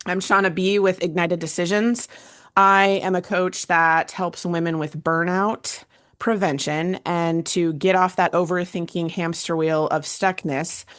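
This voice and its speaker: A woman hosting a casual panel chat tells a personal story in a lowish voice. She talks in an animated, expressive way and laughs often. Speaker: host and burnout coach.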